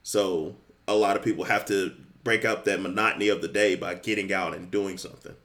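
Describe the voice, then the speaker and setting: Young dude co-hosting a podcast, low voice, relaxed and easygoing. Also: male voice, fairly quick. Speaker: podcast co-host. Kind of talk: casual chat.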